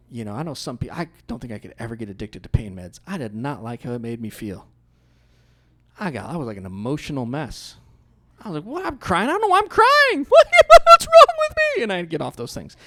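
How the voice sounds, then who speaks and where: A male pastor delivering a sermon in a relaxed, conversational tone, slipping into short acted-out quotes and stories. His pitch sits somewhat high for a man and swings widely as he talks, rising sharply when he gets animated.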